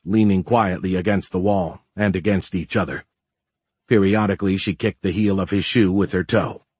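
A man reading a story aloud as narrator, in a measured, even storytelling manner. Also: sits low, slightly rough, no echo. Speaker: audiobook narrator. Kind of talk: scripted narration.

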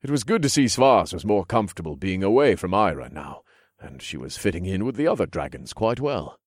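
A man narrating a first-person fantasy audiobook in a calm, even storytelling manner, close to a studio mic. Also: low voice, a little fast, dry recording.

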